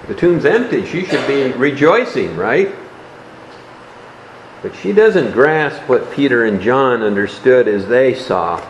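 A man preaching a sermon, explaining a Bible passage in a measured way and dropping his voice softly on key words. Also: mid-range voice, very animated, echoey room, dull audio, a little hiss or hum.

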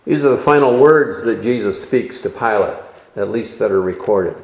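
A man preaching an expository sermon, teaching in a measured way and stressing key words. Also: fairly low pitch, lively intonation, reverberant, lo-fi sound.

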